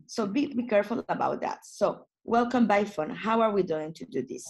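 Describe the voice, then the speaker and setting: Woman trainer, mid-pitched, patient explainer, online lesson. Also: normal speed, a little mellow. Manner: explaining with repetition and restarts. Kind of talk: webinar lesson.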